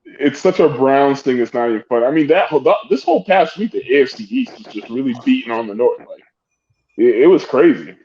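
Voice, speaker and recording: A man co-hosting a podcast who chats casually about sports, reacting quickly and laughing often. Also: mid-range voice, animated, darkish tone, muffled recording. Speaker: podcast co-host.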